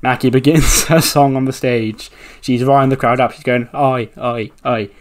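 A man gives loose, play-by-play narration of a wrestling game playthrough. He talks casually, chuckling often and throwing in the odd swear word. His voice sits at an ordinary middle pitch. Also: steady tone, moderate pace, soft background music.

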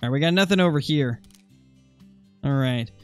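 Over faint background music, a young Oregon man streams a hunting game, talking casually with viewers and responding to their comments. He speaks in a clean, mid-range voice at a moderate pace.

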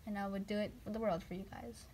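A woman's voice: medium pitch, fairly even intonation, quick pace, mellow, slight background noise. A woman toy channel creator chatting casually and rambling a little about her videos and her viewers. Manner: chatty, rambling, self-deprecating. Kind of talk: casual vlog chat.

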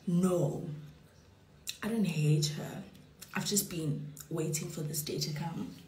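A woman's voice: fairly low pitch, slow, warm tone. A young woman chatting on a phone livestream from her bedroom, tipsy, giggly and playful, often dropping into whispers. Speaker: social media personality. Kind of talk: casual livestream chat. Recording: echoey room.

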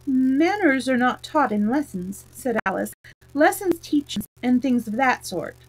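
A woman's voice: moderate pace, husky, rough recording. A woman reading a children's classic aloud as a storyteller, raising her voice for the characters' lines. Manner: lively read-aloud, voices the queens higher and louder.

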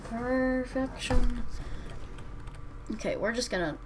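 A woman's voice: fairly high pitch, animated, slow pace, background noise. A woman hosting a let's-play, commenting casually on her strategy game in a rambling, hesitant way that keeps correcting itself. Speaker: gaming channel host.

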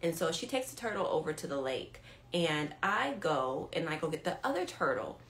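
A woman hosting a casual faith livestream, greeting viewers by name and telling a story in a chatty, excitable way. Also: low voice, normal speed. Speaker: livestream host and ministry leader.

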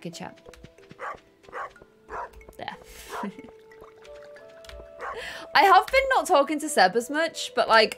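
Bubbly young woman gaming. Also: medium pitch. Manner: bubbly, excitable, giggly. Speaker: gaming streamer. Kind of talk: casual co-op gameplay chat.

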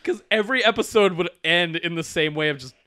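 A man's voice: sits high, brisk, pushed and bright. A young man co-hosting a podcast in casual chat, laid-back, swearing and laughing often. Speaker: podcast co-host.

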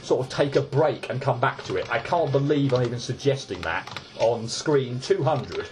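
A man's voice: medium pitch, animated, normal speed, darkish tone. A man giving casual gameplay commentary, ranting in exasperation and stumbling over repeated restarts. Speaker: let's play gamer.

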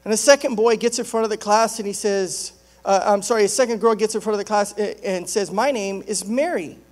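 Male pastor with a high voice, joking and chatty from the pulpit. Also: steady tone, fast talker, a little mellow. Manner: joking, conversational storytelling. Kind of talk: sermon.

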